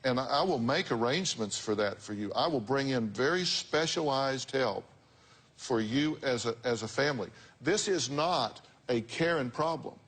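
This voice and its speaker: A man's voice: medium pitch, animated, moderate pace, a bit bright, slightly rough. A man hosting a talk show, giving blunt, direct advice to guests in a lecturing way.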